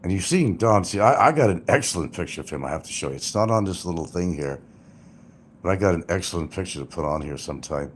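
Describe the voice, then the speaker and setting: A man's voice: low-pitched, animated, fast, a little hiss or hum. An older man hosting a livestream, rambling and mocking with crude, casual talk. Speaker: livestream host.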